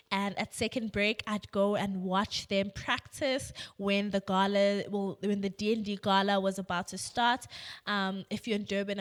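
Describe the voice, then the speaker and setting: A young woman, hosting a podcast and telling a personal story, moving between quiet reflection and animated retelling. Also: mid-range voice. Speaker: podcast host.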